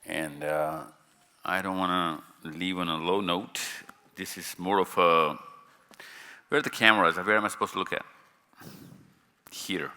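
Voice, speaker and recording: A man with a lowish, bright, forward voice talks casually to a live crowd. He is chatty and jokey and keeps putting questions to the audience. His voice rings out with a long hall reverb. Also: steady tone, measured pace, long pauses. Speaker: speaker at a live event. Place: large hall with stage lights.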